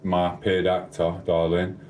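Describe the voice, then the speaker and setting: A man's voice: sits low, completely flat delivery, a little slow, darkish tone, slight background noise. A man with a South Yorkshire accent, chatting casually on a live stream, rambling and cheekily bantering with viewers' comments. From South Yorkshire, England. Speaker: livestreamer. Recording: echoey room.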